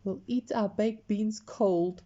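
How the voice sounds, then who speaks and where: A cheery, stubborn father barks orders on a rainy campsite, as a woman reading aloud puts him on. He is loud and bright, a storybook dad on a dull, lo-fi recording. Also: medium pitch, steady tone, takes it slowly, lightly acted. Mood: bossy cheerful. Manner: yelling, bright and bossy.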